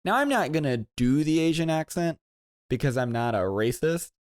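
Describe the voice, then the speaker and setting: A man co-hosting a podcast, telling a long story in a rambling, animated way and jumping into high voices when quoting people. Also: moderate pace, smooth, no room sound, clean studio sound. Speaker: podcast co-host. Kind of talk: casual storytelling.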